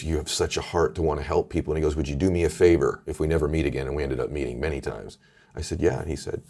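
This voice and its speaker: A man's voice: a bass voice, gravelly, warm tone. A middle-aged man, a podcast host and author, speaking earnestly in a candid interview and telling an emotional personal story.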